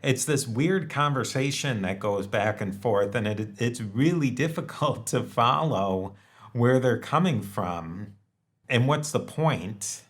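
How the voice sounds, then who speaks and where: A man hosting a podcast, chatting casually and haltingly, with many fillers and restarts. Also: medium pitch, expressive. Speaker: podcast host. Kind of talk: casual conversational discussion.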